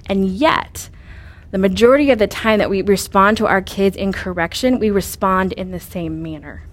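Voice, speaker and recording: A woman's voice: medium pitch, moderate pace. A woman giving an earnest, coaching talk on parenting, asking rhetorical questions and using frequent fillers. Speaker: parenting speaker.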